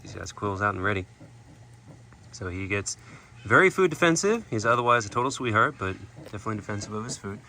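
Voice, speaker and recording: A man's voice: lowish voice, lively intonation, fast, vocal fry, bright, forceful tone, low-quality recording. A man hosting a casual vlog at an animal sanctuary, talking loosely with plenty of "like" and "you know". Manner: chatty, many "like" and "you know" fillers. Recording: outdoor noise in the background.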